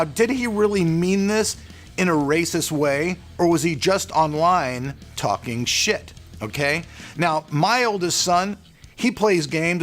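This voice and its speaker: A man's voice: fairly high pitch, a bit bright. A middle-aged man from California, hosting a casual vlog and talking earnestly and loosely, straight to his viewers. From California, USA. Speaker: channel host.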